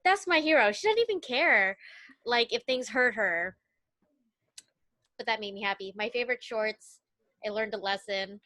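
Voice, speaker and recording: A woman co-hosting a podcast, telling stories in expressive casual chat. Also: medium pitch, unhurried, long pauses, no room sound. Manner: expressive storytelling, rises sharply when excited. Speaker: podcast co-host.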